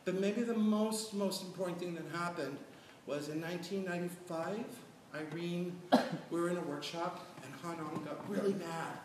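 A man's voice: sits high, moderate pace, hardly any pauses. Man telling stories in an echoey hall. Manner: animated, chatty, often checking in with "right?". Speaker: panelist. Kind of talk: storytelling on a panel. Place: large echoey hall at a panel event. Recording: echoey hall from far off, noisy.

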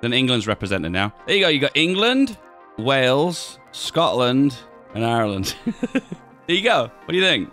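A man's voice: mid-range voice, big pitch swings, normal speed, sharp tone, faint music behind. A man hosting a casual video, chatting as he edits images, often asking viewers what they think and laughing at his own jokes. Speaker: video host. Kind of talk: casual commentary while editing images.

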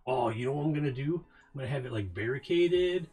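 A man's voice: medium pitch, animated, fast, mellow. A man casually chatting on a live stream while working, rambling, joking and talking to himself. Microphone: headphones on.

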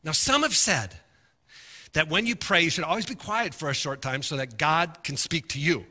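A middle-aged male pastor preaching a sermon, telling stories and moving between quiet asides and impassioned shouting. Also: fairly high pitch, moderate pace. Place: large church sanctuary. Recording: long hall reverb.

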